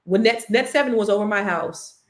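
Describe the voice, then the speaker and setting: A woman's voice: mid-range voice, a little fast. A middle-aged woman from California co-hosting a casual chat show, teasing and laughing often. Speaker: co-host.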